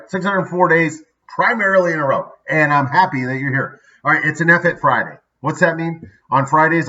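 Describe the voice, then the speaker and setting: Upbeat male vlog host, bright forceful tone, a bit far off the mic, dull lo-fi sound. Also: mid-range voice. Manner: upbeat, conversational, frequent "right?" asides. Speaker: daily video host. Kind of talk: casual motivational talk.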